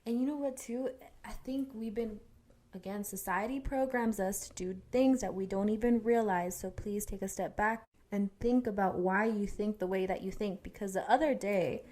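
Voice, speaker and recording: A woman's voice: mid-range voice, moderate pace, warm tone. A young woman co-hosting a podcast, telling a personal story in a candid, casual way with fillers and restarts. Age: young adult. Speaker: podcast co-host. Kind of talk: casual chat.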